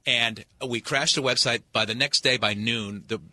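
A man telling stories in a casual radio interview, animated and full of restarts, as a comedy performer who is a guest. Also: mid-range voice. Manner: animated storyteller, halting restarts.

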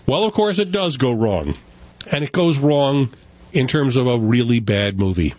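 Male critic, lively sarcastic delivery, a touch husky, fairly high pitch. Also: measured pace, pauses often. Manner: animated, sarcastic, jumps into voices. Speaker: film critic. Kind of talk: casual radio chat.

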